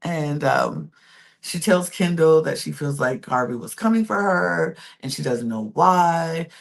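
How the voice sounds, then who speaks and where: Sassy, animated woman recapping reality TV. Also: low voice, a little slow, gravelly. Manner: animated, sassy, acts out quotes. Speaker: podcast host recapping reality TV. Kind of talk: casual recap chat.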